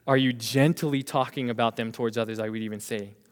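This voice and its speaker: Man, 20s, youth pastor, animated sermon, mid-pitched voice, long hall reverb. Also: fairly quick, smooth. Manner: animated, laughs while preaching, acts out quoted voices.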